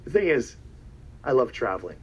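A man's voice: mid-range voice, very animated, a little fast, slightly rough. A man, a pro wrestler, giving a boastful, taunting promo interview in a clip from a TV broadcast, often stammering and repeating his words.

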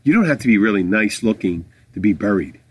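A man's voice: fairly low pitch, animated, a little fast, husky. A man co-hosting a podcast in casual chat, rambling and crude with a joking manner. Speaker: podcast co-host.

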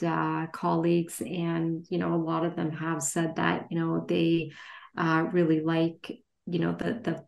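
A woman with a lowish voice reads her own fiction over a video call and then talks about it. Her speech is hesitant and full of fillers. The sound is roomy and echoey. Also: creaky. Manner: hesitant, many fillers and restarts. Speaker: author. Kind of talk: reading her novel aloud, then interview answers. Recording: roomy echo.

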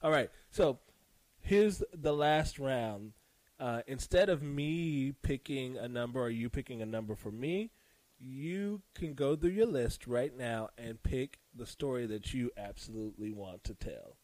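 A man hosting a casual podcast for educators, recorded dry and close. He starts his turns with a few fillers, then talks in an even middle voice. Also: medium pitch, a little slow, dry recording, rough recording. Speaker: podcast host, school leader.

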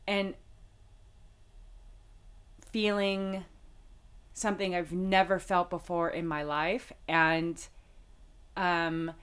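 A middle-aged woman from Las Vegas, a guest telling a personal faith story in a heartfelt, halting way with many fillers. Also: fairly low pitch, a bit bright, clean tone. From Las Vegas, United States. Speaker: interview guest. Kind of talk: personal faith testimony in conversation.

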